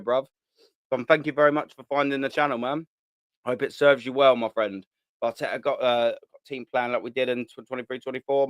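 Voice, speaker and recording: Reading out comments from viewers, this live fan channel host keeps it blunt, full of slang and swearing, and laughs a lot. He has a mid-range, fairly bright voice, and the recording carries no room sound.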